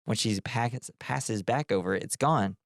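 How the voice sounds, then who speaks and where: Lower-voiced man recapping a film casually. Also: a little slow, creaky, dry recording, clean studio sound. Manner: animated storytelling with put-on quote voices. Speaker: podcast co-host recapping a film. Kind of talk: casual chat.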